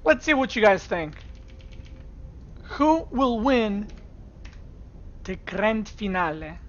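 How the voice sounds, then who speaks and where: A woman's voice: mid-range voice, very animated, slow pace, dull audio. A woman streamer giving casual esports commentary, chatting straight to her viewers from a home streaming setup. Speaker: streamer and caster.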